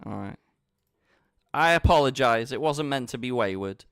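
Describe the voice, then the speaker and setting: A man's voice: mid-range voice, lively intonation, normal speed, a bit bright, clear, resonant tone, no room sound, clean studio sound. A man chatting casually with his viewers while he plays online poker, bantering and talking to the chat. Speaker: poker streamer. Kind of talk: casual live-stream commentary.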